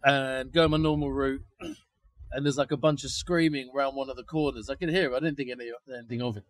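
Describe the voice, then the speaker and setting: A man, co-hosting a podcast and animatedly telling a story outdoors, swearing freely and acting out shouted lines. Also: medium pitch, fairly quick, no echo. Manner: animated, swears a lot, acts out shouted quotes. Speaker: podcast co-host. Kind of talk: casual storytelling. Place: outdoors on location.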